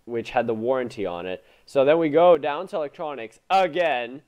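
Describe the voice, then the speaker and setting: A man's voice: medium pitch, normal speed, a little hiss or hum. A young man from Finland, co-hosting a podcast, telling a story with lots of asides, talking into a gaming headset mic. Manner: animated storyteller, mimics other people's voices. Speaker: podcast co-host. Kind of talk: casual chat.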